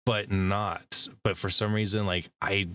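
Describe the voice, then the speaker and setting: Male host, very deep voice, casual interview chat, chatty, laughs easily. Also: level tone, measured pace, pushed and bright, clean tone. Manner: chatty, laughs easily, speeds up when storytelling. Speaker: podcast host and voice actor.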